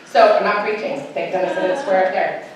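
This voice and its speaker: A woman from Utah giving a casual, humorous farewell speech to a church gathering, animated and self-mocking, laughing often. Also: mid-range voice, brisk, a crowd in the background. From Utah, United States. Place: church hall in front of a gathering. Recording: echoey hall, distant mic, faint hiss.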